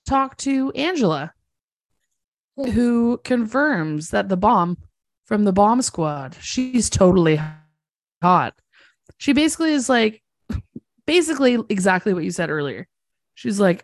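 A woman's voice: a little high, very animated, measured pace, no room sound. A woman co-hosting a podcast in casual chat, wry and laughing often. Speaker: podcast co-host. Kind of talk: casual chat recapping a TV episode.

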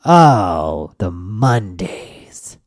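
A man voicing a whiny, self-pitying man who moans slowly and blames his bad luck on Mondays. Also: low-pitched, big pitch swings, no room sound, studio quality, heavily acted. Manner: whiny, drawn-out moaning.

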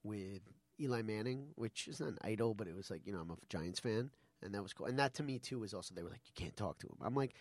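A man co-hosting a casual chat, telling animated stories and acting out the dialogue. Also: on the low side, fast, no room sound. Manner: animated storytelling, acts out quoted dialogue. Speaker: co-host and actor.

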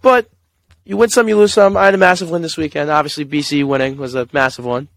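A young man co-hosting a sports chat show, arguing back and forth in quick banter. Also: on the high side, fairly even intonation, a bit bright, dry recording. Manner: fast, argumentative banter. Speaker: co-host.

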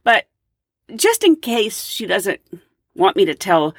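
A woman's voice: medium pitch, slow pace, husky, dry recording, clean studio sound. A woman podcast host who works as a flight attendant, telling a story in chatty, casual storytelling. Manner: chatty, animated, with fillers and laughs.

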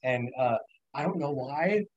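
On a podcast, a young male guest chats casually, spinning rambling, profanity-laden stories and laughing often. His voice is a little high, expressive and a little mellow, at a measured pace. The lo-fi recording has no echo.

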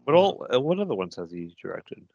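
A man's voice: mid-range voice, big pitch swings, fairly quick, vocal fry, darkish tone, no room sound, lo-fi sound. A man co-hosting a podcast, chatting casually and giving strong opinions. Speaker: podcast co-host. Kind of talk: casual chat.

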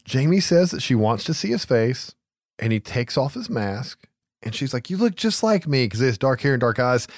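A man's voice: mid-range voice, moderate pace, no room sound, studio quality. A man casually recapping a film plot, swearing freely and laughing as he tells it. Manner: profane, animated storytelling with laughs. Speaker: podcast host recapping a film. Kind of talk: casual chat.

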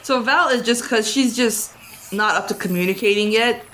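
A woman's voice: fairly high pitch, normal speed, fairly bright tone, slight background noise. A woman playing a tabletop role-playing game, easygoing and playful. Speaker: player. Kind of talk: casual tabletop play.

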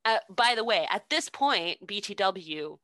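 A woman's voice: mid-range voice, expressive, a little slow, pushed and bright, no echo. A young woman casually retelling a story with sarcasm, frequent swearing and laughter, as a podcast co-host.

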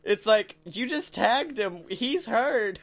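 A high-voiced man co-hosting a podcast in loose casual chat, with a bright, forceful tone. He jokes around, laughs loudly and slips into playful ad reads. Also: expressive, slow pace. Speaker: podcast co-host.

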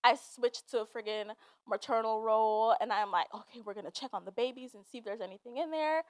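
A young woman with a slightly high voice hosts her own podcast in a loose, unscripted monologue. She swears freely and slips between laughter and tears as she talks. The recording is close and dry, with almost no room sound. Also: a little fast, no echo. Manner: candid, profane, laughing and emotional. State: teary, laughing through tears. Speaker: podcast host. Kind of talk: casual monologue.

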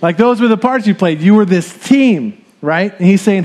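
A man in his thirties giving a sermon, explaining scripture in a relaxed, conversational way with fillers. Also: high-pitched, normal speed, few pauses. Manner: light chuckles and filler sounds. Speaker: pastor.

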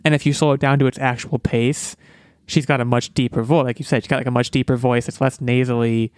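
A young man co-hosting a podcast in casual chat, rambling and breaking off mid-sentence into animated asides. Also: mid-range voice, quick pace, clean tone, dry recording, clean studio sound. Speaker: podcast co-host.

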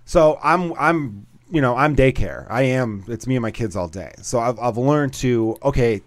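A man's voice: medium pitch, lively intonation, moderate pace, dry recording. A man in his thirties, a stay-at-home dad and comedian, rambling through casual chat with plenty of swearing. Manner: rambling, profane, self-deprecating. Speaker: comedian, podcast regular.

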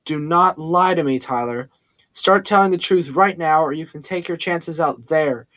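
A man's voice: fairly high pitch, moderate pace, a bit bright, no room sound, close to an everyday voice. A man voicing a cool, commanding young woman who speaks coldly. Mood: menacing. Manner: cool and cold.

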